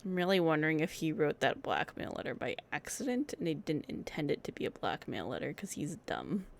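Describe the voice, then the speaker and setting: A woman's voice: deep voice, very animated, brisk, gravelly, slight background noise. A woman streamer casually commenting on a game, chatty and playful.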